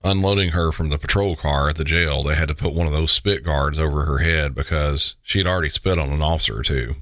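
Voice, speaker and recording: A man's voice: extremely low pitch, fast, fairly bright tone, no room sound, studio quality. A man with a Southern US accent, hosting a podcast and telling the story in a wry, conversational way. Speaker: podcast host. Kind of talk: scripted narration.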